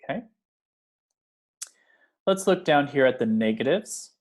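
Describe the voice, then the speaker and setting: Man teaching pronunciation, slow and careful. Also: medium pitch. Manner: slow, careful modeling of example phrases; checks in with "okay?" and "right?". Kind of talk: pronunciation lesson.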